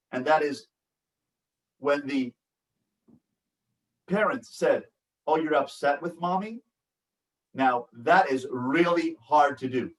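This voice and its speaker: A man's voice: on the high side, a bit bright, distant mic, rough recording. A man, a rabbi, teaching a workshop in an earnest, repetitive way and acting out examples. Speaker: rabbi and family educator. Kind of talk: workshop lecture.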